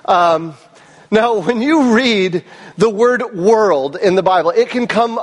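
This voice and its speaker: A man's voice: high-pitched, animated, slow pace. A male pastor preaching an earnest, emphatic sermon, his voice cracking at times and putting questions to the congregation. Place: church service hall. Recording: long reverb of a large hall.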